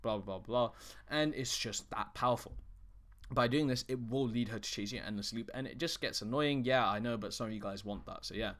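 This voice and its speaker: A man's voice: mid-range voice, fairly quick, a bit bright. Man, dating coach, blunt, swears a lot, trips over his words. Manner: blunt, swears often, frequent restarts. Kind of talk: casual direct-to-camera advice.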